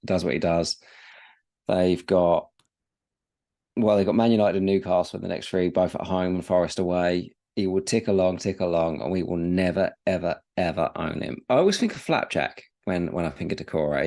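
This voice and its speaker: Deep gravelly man chatting football. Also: darkish tone. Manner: rambling, repeats words, swears casually. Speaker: podcast co-host. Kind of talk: casual fantasy football podcast chat.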